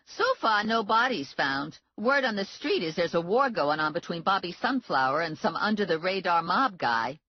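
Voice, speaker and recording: A brassy, matter-of-fact woman running a bail bonds office, voiced higher and brighter than the narration, as a woman narrator puts her on. She speaks in brisk, lively lines, in a slightly muffled audiobook recording. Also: no room sound.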